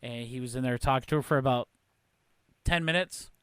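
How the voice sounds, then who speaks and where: A man's voice: medium pitch, fairly quick, fairly bright tone, smooth, no echo. A man co-hosting a podcast in casual chat, recounting an incident step by step. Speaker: podcast co-host.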